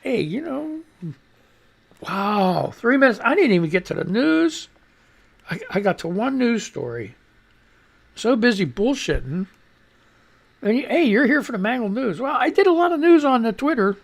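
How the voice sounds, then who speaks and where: A man's voice: extremely high pitch, very animated, moderate pace, vocal fry, pauses often. A man hosting a live radio stream, rambling through casual news commentary with frequent swearing, restarts and stumbles over his words. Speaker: radio show host.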